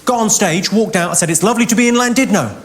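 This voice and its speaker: A man doing a stand-up routine on a large theatre stage, with a deadpan, quick delivery and crowd work. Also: high voice. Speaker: stand-up comedian. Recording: live hall recording with crowd noise.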